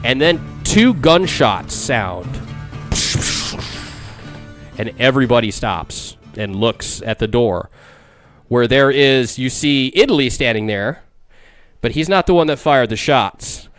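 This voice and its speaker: A man narrating a tabletop game as game master, casual and halting, often repeating words. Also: mid-range voice, animated, fairly bright tone, soft background music.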